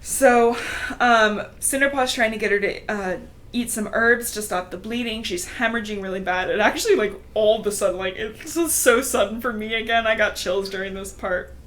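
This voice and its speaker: A woman's voice: fairly high pitch, normal speed, fairly bright tone. Chatty giggly woman recapping a book. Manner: chatty, giggly, lots of filler "like". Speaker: podcast host. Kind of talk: casual book recap chat.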